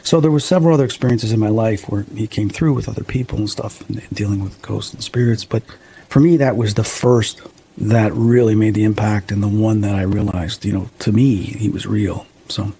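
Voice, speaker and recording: A man's voice: on the low side, fairly even intonation, a little fast, gravelly, mellow, a little hiss or hum. A man in his fifties, a guest medium, earnestly telling a personal story and acting out the dialogue. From United States. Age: 50s. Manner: earnest, acts out quoted dialogue.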